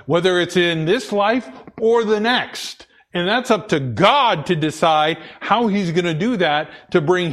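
A man's voice: fairly high pitch, fairly bright tone. A man preaching a sermon, repeating key phrases for emphasis and often stumbling and restarting. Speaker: pastor.

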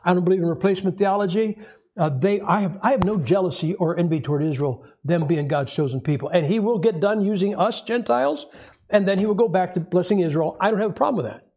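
Male preacher, higher-pitched voice, folksy conversational sermon delivery. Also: fast, darkish tone, slightly rough. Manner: folksy, conversational, acts out quotes with rising pitch.

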